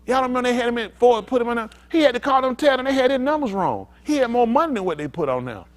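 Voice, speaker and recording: Animated preaching pastor, man. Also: very high voice, quick pace. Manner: animated, rousing, talks back and forth with the congregation. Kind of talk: preaching to a congregation.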